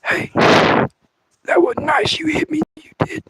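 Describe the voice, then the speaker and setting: A man's voice: extremely high pitch, takes it slowly, a bit bright, no echo, pitched above the performer's own voice, full character voice, poor audio. A man voicing his own injured thumb as an angry, grudge-holding little creature that sulks, complains and threatens revenge. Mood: shrill yelling.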